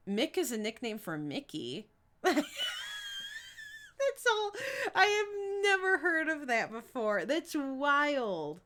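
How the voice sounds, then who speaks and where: Young woman, live streamer, giggly, chatty, lively bouncing voice, bit high. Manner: giggly, chatty, reads chat aloud. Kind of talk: casual live-stream chat while gaming.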